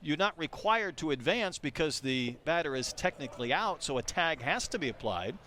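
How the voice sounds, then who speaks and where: A man doing live play-by-play baseball commentary, calling pitches and chatting between them. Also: animated, moderate pace, bright, forceful tone. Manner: conversational, calls pitches between chatty stories. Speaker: play-by-play announcer.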